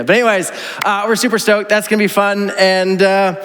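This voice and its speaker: A man's voice: high-pitched, fairly even intonation, fast, a bit bright, clear, resonant tone. A man, preaching a chatty, joking sermon to his church and acting out the voices he quotes. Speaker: pastor. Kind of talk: casual conversational sermon. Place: large church hall. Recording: reverberant church hall.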